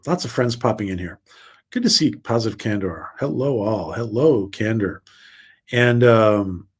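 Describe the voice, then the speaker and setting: A man's voice: mid-range voice, husky. A man hosting a casual livestream, chatting with viewers and reading their comments in a rambling, upbeat way with frequent restarts. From United States. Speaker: livestream host.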